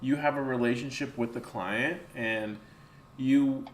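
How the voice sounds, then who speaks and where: A male streamer chats in a relaxed, casual way, peppering his talk with fillers and swearing. His voice sits mid-pitch, and the room gives it a clear echo over a faint background noise. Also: unhurried. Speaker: streamer, host. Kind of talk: casual chat.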